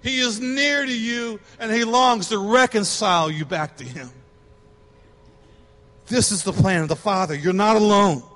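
A man's voice: sits high, measured pace, fairly bright tone, big-room sound. A man preaching a sermon, emphatic and repetitive, swelling to passionate cries. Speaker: pastor.

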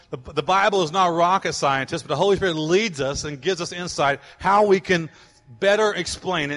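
High, bright-voiced preaching pastor. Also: male voice. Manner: builds from calm reading to loud proclaiming. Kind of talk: sermon. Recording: long hall reverb.

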